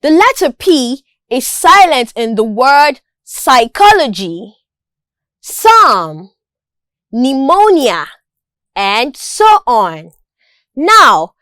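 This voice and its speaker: A woman's voice: sits high, a bit bright, dry recording. A woman teaching a school lesson, carefully enunciating words for pronunciation drills.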